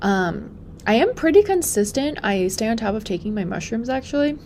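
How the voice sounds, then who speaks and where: A young pregnant woman hosting a casual solo podcast. She talks in a chatty way and often drops to a soft, breathy near-whisper. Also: on the high side, sing-song, moderate pace, a little hiss or hum. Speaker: podcast host and functional practitioner.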